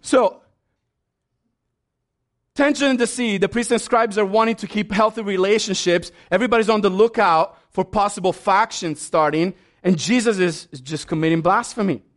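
High-voiced passionate male preacher. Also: moderate pace. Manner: passionate, swings from soft asides to loud high exclamations. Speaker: pastor. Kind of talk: sermon.

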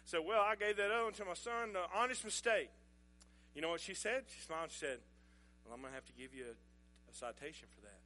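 A man's voice: high voice, brisk, sharp tone. A middle-aged man, telling a folksy, chuckling story as a sermon illustration. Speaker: pastor.

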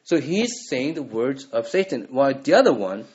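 A man's voice: mid-range voice, big pitch swings, moderate pace, darkish tone, muffled recording. Earnest male pastor preaching in conversational style. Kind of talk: sermon.

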